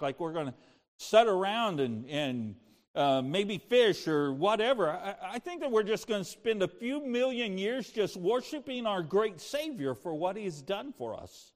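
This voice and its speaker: An older man preaching a sermon as pastor, moving between impassioned preaching and soft, personal storytelling. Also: high voice, very animated, normal speed, long reverb tail.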